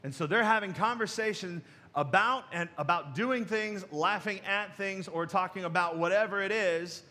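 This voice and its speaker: Pastor guy in his 40s preaching, folksy and jokey, talks to the crowd a lot, pretty high bright voice. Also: moderate pace. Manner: folksy storytelling with chuckles and asides to the congregation. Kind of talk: sermon. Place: church sanctuary.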